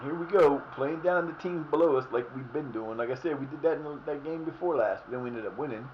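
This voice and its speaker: A man streaming a football management game live, cursing and shouting at his players. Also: mid-range voice, fairly quick, lo-fi sound, slight background noise. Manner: animated, swears, yells at the game. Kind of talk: live gameplay commentary.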